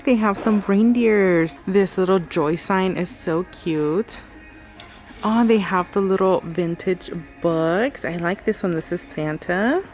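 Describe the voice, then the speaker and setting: Inside a large craft store, a woman with a mid-range, slightly mellow voice gushes over the decorations in a casual walkthrough vlog. She chats away and reads out sign text and prices.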